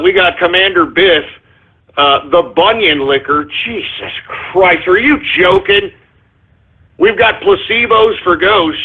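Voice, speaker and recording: High, husky man ranting on talk radio. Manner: crude, agitated ranting full of "you know" and "all right?". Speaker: radio show host. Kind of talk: solo talk radio rant with listener shout-outs. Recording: tinny phone-like line.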